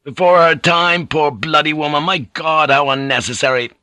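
A man's voice: mid-range voice, sing-song, normal speed, bright, forceful tone, breathy edge, dry recording, exaggerated voice. A man voicing a passionate English sailor who bursts out in bitter rage. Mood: raging. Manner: raging outbursts, emphatic.

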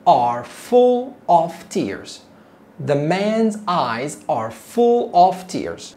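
A woman teaching English to learners, repeating words slowly and asking questions. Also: on the low side, a little mellow, slight background noise. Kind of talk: slow, deliberate ESL lesson.

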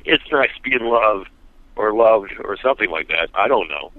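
A man calling a radio show on his phone from a taxi cab, talking in a rambling, laid-back way with halting restarts. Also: on the low side, lively intonation, no room sound. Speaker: caller. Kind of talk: phone chat with a radio host. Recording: muffled phone line with faint noise.

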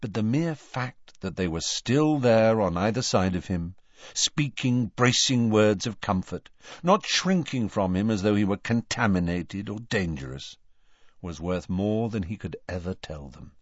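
A man reading an audiobook aloud in an expressive storytelling manner. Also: on the low side, unhurried, no echo, highs cut off. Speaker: audiobook narrator. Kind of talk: scripted narration.

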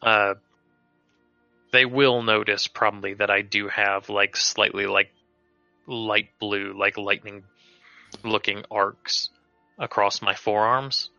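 A man playing in a tabletop game who rambles and jokes as he describes his character. His voice is low and very sharp. The dry, lo-fi recording has faint music under it. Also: fairly even intonation, takes it slowly, vocal fry, pauses often, no echo. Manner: loose, joking, rambling. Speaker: player. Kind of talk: casual tabletop chat.

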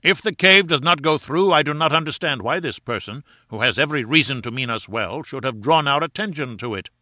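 A man's voice: mid-range voice, lively intonation, fairly quick, sharp tone, no echo, studio quality, pitched above the performer's own voice. A man voicing a stately, commanding elderly professor who declaims his words emphatically. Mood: confident.

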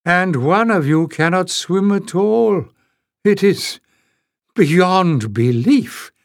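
A man's voice: high voice, lively intonation, takes it slowly, no echo, clean studio sound, pitched above the performer's own voice, heavily acted. A man voicing a scornful piper elder. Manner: scornful, forceful. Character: stern proud male piper elder. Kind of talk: audiobook character reading.

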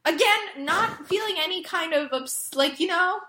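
A woman's voice: extremely high pitch, moderate pace, bright, forceful tone. A woman retelling a show's episode in casual chat, exasperated and full of fillers. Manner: exasperated, filler-heavy storytelling. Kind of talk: casual chat recapping a show.

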